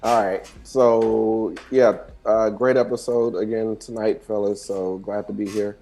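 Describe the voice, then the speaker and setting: A man's voice: on the low side, fairly even intonation, unhurried, mellow. A man from Texas co-hosting a podcast, giving a laid-back, friendly sign-off. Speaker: podcast co-host. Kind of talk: casual sign-off.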